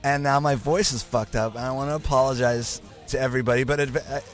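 A male podcast host with a raspy, sick voice from the flu, rambling through self-mocking stories in casual chat. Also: medium pitch, steady tone, fast talker, soft background music.

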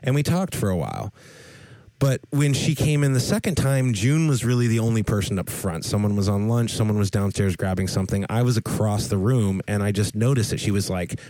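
A man from New Hampshire telling a story in casual chat with heavy swearing and lively impressions. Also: fairly low pitch, brisk, no room sound. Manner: profane, animated storyteller.

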